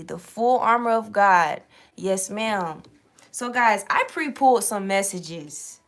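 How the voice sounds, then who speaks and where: A woman's voice: medium pitch, a little slow. Chatty young woman hosting a tarot live. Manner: chatty and loose, answers viewer comments, swears freely. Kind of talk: casual live-stream chat and tarot reading.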